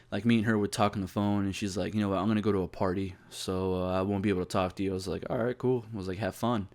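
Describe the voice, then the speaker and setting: A young man with a fairly low voice tells a personal story in a loose vlog style. He rambles, swears freely and keeps circling back with restarts and fillers. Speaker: YouTuber.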